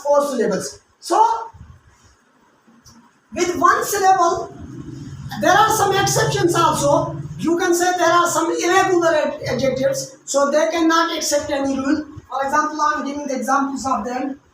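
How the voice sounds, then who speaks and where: A woman's voice: high voice, a bit bright. Woman teacher drilling pronunciation, very echoey. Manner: repeats words slowly, syllable by syllable, switching into local languages to explain. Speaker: English grammar teacher. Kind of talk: grammar lesson with pronunciation drills. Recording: very echoey room, voice from far off, faint hiss.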